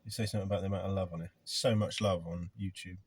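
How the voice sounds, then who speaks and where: Man, middle-aged, low-pitched, husky, loud, chatty. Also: fairly even intonation, very fast. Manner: loud, chatty, rambling, self-deprecating. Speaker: gardening business owner, vlog host. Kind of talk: casual chat. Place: inside a van.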